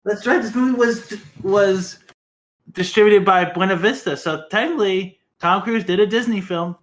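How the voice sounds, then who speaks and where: A man's voice: sits high, moderate pace, fairly bright tone. A man co-hosting a movie podcast, playfully arguing in casual chat. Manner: playful, argumentative. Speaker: podcast co-host.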